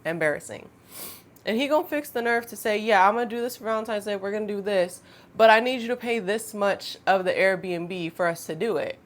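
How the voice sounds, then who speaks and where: A woman, telling a storytime vlog in a chatty, animated way with laughing asides. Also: mid-range voice, fairly quick. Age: 20s. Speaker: storytime vlogger. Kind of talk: casual storytime monologue.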